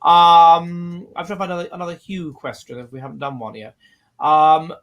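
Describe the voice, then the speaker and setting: A man's voice: on the high side, steady tone, normal speed, highs cut off. A man, hosting a livestream and reading out viewer comments in a rambling, digressive way. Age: 40s. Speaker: livestream host.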